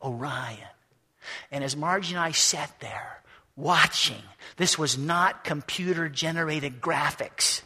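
A man preaching a sermon, telling the story with animation, acting out voices and shouting at its peaks. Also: on the high side, takes it slowly, husky.

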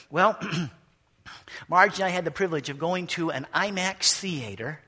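A man preaching a sermon, telling the story with animation, acting out voices and shouting at its peaks. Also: on the high side.

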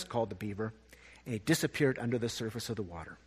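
A man reading a storybook aloud in a gentle, expressive way, with a husky voice. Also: fairly low pitch. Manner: gentle, expressive, slow at sad parts. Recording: long reverb.

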